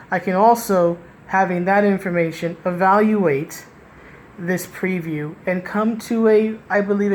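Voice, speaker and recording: A woman with a lowish voice delivers a casual, critical comic book review, rambling, restarting sentences, and tossing in frequent "right?" asides with a sardonic edge. Slight background noise is present.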